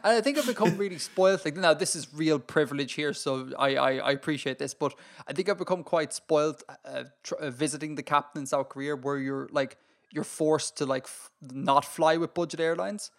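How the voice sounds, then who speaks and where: An Irish man co-hosting a podcast in casual chat, talking in an animated, ranting way and laughing often. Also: a little high, a little fast. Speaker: podcast co-host.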